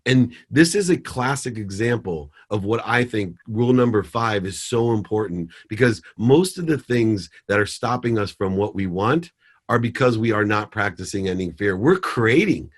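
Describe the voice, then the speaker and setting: A man's voice: fairly low pitch, moderate pace, husky. A middle-aged man, a podcast guest, telling a story and acting out the dialogue. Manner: animated storyteller, acts out dialogue.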